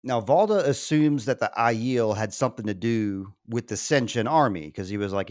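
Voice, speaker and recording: A man's voice: medium pitch, moderate pace, hardly any pauses, no echo, studio quality. A man recapping a TV episode in casual podcast chat, rambling and laughing often. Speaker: podcast co-host.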